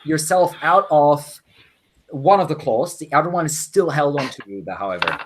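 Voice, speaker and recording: Husky-voiced man running a tabletop game. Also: a little high, lively intonation, normal speed. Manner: hesitant, full of restarts. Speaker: game master.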